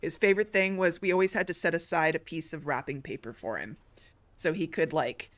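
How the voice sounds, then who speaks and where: A woman's voice: low-pitched, a little fast. A woman streaming a story game, chatting casually in a rambling way with many restarts. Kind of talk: casual live-stream chat.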